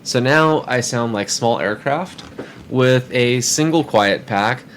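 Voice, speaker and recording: A man's voice: medium pitch, slow, background noise. A man telling a story casually on a podcast, rambling and repeating words as he goes.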